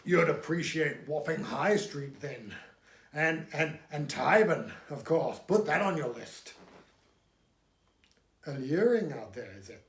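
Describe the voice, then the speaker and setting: A man's voice: on the high side, expressive, slow. A man doing an earnest, odd English astronomer. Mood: eager. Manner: earnest and insistent. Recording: echoey room.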